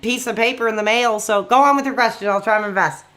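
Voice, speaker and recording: High, bright-voiced excitable stream host. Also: male voice, quick pace. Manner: excitable, repeats himself, minced swearing. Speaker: livestream host taking calls. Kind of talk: hyped call-in livestream chat.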